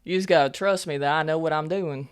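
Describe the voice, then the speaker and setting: A woman's voice: low voice, quick pace, clear, resonant tone, natural voice. A woman playing a young half-elf army medic in a tabletop role-play, talking in a folksy drawl full of "y'all" and "ain't". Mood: sassy.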